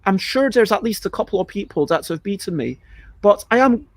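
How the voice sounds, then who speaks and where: A man with a fairly high voice chats casually on his live stream. He rambles and cuts himself off, and now and then he acts out a panicked reaction. The sound is close and dry, with no room echo. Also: animated, brisk. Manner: chatty, self-interrupting, acts out panicked reactions. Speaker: livestream host answering viewer questions.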